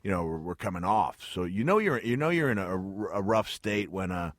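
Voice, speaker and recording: A man's voice: low-pitched, big pitch swings, a little fast, no room sound. A middle-aged man as a radio interview guest, telling stories in a rambling way with restarts and frequent chuckles. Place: radio studio.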